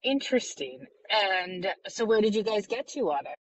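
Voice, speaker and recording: A woman joining a podcast chat over a remote call, reacting slowly and thoughtfully. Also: medium pitch, sing-song, dry recording. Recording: distant, muffled remote line with noise.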